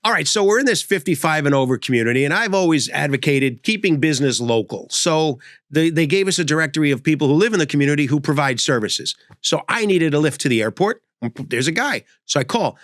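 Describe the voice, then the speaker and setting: A man's voice: a little high, lively intonation, fast, fairly bright tone, no echo, clean studio sound. Older man telling rambling comic stories. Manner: rambling, self-interrupting storyteller. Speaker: comedy host. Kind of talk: storytelling comedy monologue.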